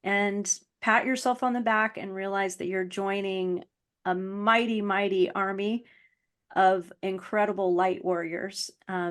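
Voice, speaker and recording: A woman guest on an interview podcast, speaking earnestly and from the heart, with frequent ums. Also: medium pitch. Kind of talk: casual interview chat.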